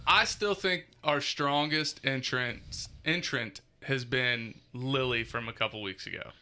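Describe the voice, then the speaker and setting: A man's voice: mid-range voice, a little slow, bright, forceful tone, slight background noise. A man hosting a casual comedy podcast, joking loosely and laughing often as he reads out entries. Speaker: podcast host.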